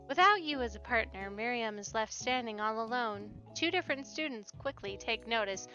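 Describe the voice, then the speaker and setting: A woman's voice: fairly high pitch, lively intonation, fairly quick, hardly any pauses, sharp tone. A woman playing through a dating game, reading the narration aloud and making giggly, sarcastic asides. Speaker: let's-play host. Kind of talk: game playthrough with reading and commentary. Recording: dull lo-fi with background game music.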